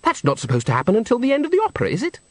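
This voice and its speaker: A man's voice: extremely high pitch, huge pitch swings, racing, dry recording, voice pushed up, full character voice. A man voicing a flighty, self-absorbed young female singer in a storybook reading. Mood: puzzled.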